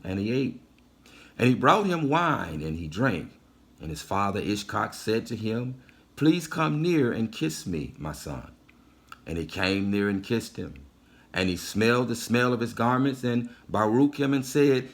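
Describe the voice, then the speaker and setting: A man delivering a sermon, reading scripture in measured phrases before stepping out of the text to teach. His pitch rises and falls in an animated way, and he repeats key phrases to drive a point home. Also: gravelly. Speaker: preacher.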